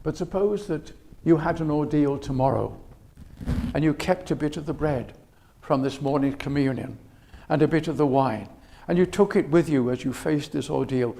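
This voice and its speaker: A man preaching a sermon in a chapel, measured and unhurried, often hesitating with fillers and restarts. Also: a little high, creaky, mellow, a little hiss or hum.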